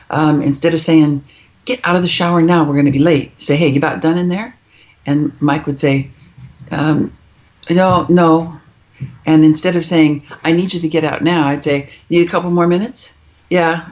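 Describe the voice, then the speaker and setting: On a podcast, a middle-aged woman who writes about parenting speaks emphatically and tells stories, acting out the quoted voices of kids and parents. Her voice is low-pitched and a little mellow, and the audio sounds dull.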